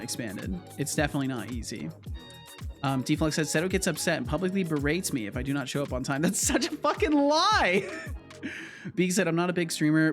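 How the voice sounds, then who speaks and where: A man from the United States chatting casually with his live-stream audience, rambling, repeating words and laughing often. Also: medium pitch. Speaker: streamer and game developer.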